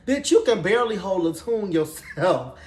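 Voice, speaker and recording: A man with a high voice recaps a TV episode in a sassy, profane, gossipy way. He tells it with animated flair. The room around him is echoey. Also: moderate pace. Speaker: TV show recap reviewer.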